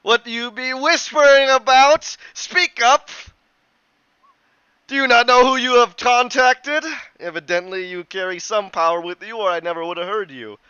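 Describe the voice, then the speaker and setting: A man voicing a booming, pompous male god who speaks in grand, old-fashioned phrases. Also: moderate pace, pushed and bright, smooth, no room sound. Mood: booming jovial. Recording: dull lo-fi, dry.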